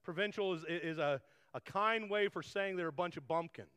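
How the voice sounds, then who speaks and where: A man's voice: sits high, moderate pace, fairly bright tone, smooth. A man preaching a conversational sermon, rambling with frequent restarts and asides. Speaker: pastor. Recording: long hall reverb.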